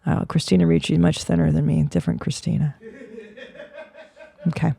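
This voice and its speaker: A woman's voice: low-pitched, flat delivery, brisk, creaky, warm tone, slightly rough, dry recording. A woman in her forties hosting a comedy podcast, riffing in a sarcastic, profane way. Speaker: podcast host.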